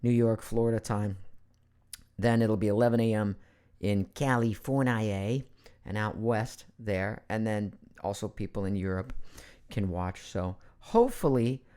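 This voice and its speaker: A man's voice: on the low side, dark tone, clean tone. Middle-aged male voice actor, casual livestream host at his home computer, playful and rambling. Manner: chatty and playful, jumps between topics. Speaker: voice actor hosting a live Q&A. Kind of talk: casual live-stream chat.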